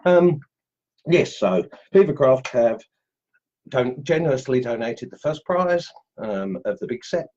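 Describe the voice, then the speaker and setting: Male host, rambling and joking, husky voice, slightly muffled lo-fi sound. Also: medium pitch, lively intonation, measured pace, darkish tone. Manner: chatty, jokey, rambling with many fillers. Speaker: host of a carving group livestream. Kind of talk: casual livestream chat.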